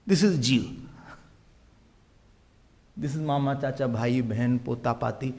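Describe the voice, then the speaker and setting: A man's voice: medium pitch, unhurried, a little mellow. A man giving a humorous spiritual discourse as a swami, acting out family quarrels and slipping into Hindi. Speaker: swami giving a scripture talk.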